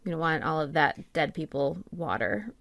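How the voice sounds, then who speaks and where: A woman co-hosting a history podcast, reading scripted narration in a steady way with dry asides. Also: deep voice, normal speed, dry recording. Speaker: podcast co-host.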